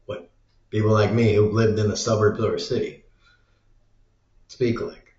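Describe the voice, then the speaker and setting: A man's voice: fairly low pitch, steady tone, normal speed, pauses often, darkish tone. A man talking in a casual, rambling monologue as a vlogger, packing his talk with "like". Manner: rambling, heavy use of "like" filler. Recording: echoey room, dull lo-fi sound.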